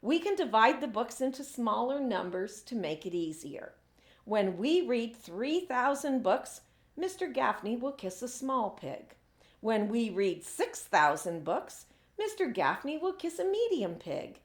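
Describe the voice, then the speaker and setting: A woman's voice: on the high side, very animated, unhurried. A woman reading aloud, voicing a bossy, cheerful female teacher with emphatic, dismissive retorts. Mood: firm, upbeat. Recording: echoey room.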